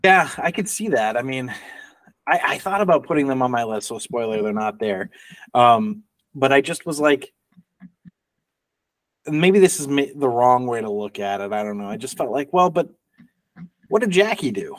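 A man's voice: mid-range voice, expressive, moderate pace, pauses often, dry recording. Joking man co-hosting a chat show. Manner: joking, rambling with restarts and laughs. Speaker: podcast co-host. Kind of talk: casual chat.

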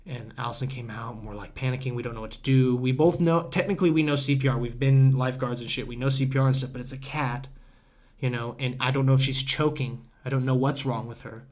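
A young man talks in a mid-pitched, everyday voice as a guest on a casual podcast. He rambles and circles back, drops "dude" and "bro" into most sentences, and swears without thinking about it. The feel is relaxed and conversational, like a story told to a friend. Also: quick pace.

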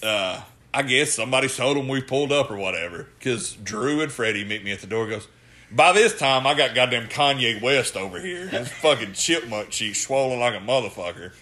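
A man telling a rowdy story among friends. His voice is bright and forward. He swears freely and laughs through his tales. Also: mid-range voice, lively intonation, a little fast. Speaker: podcast co-host. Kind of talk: casual chat.

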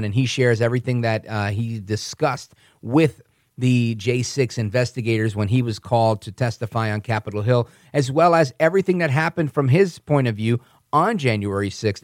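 A man hosting a political podcast, talking in a calm, conversational way and correcting himself as he goes. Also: mid-range voice, no room sound, clean studio sound. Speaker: podcast host. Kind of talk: political commentary monologue.

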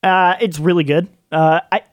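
A man chatting casually as a podcast panelist in a rambling, relaxed way. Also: high-pitched, normal speed, no room sound, clean studio sound. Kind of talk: casual chat.

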